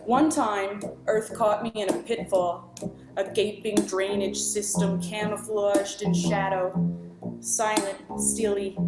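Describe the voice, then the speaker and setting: A woman performing poetry in a slow, theatrical, savoring delivery, recorded through earbuds. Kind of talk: poetry performance over bass. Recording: echoey room with loud bass music. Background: live bass guitar.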